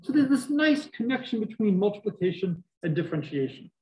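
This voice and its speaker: A middle-aged man with a Boston accent giving a university math lecture, animated and joking with students, his voice muffled by a face mask. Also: high-pitched, a little fast. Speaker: math professor.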